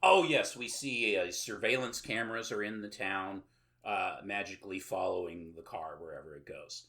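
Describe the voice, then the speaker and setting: A man chats through a film plot as a podcast host, rambling and sarcastic, with plenty of filler sounds. His voice sits on the lower side, yet it has a bright, forceful edge. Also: normal speed. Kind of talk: casual plot recap with jokes.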